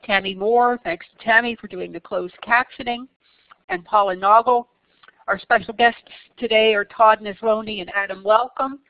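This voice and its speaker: Brisk woman hosting a webinar. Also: mid-range voice, fairly even intonation, no room sound. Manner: brisk, reads the host and guest names. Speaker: webinar host. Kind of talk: scripted show opening. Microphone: online webinar call audio. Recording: dull lo-fi webinar audio, dry.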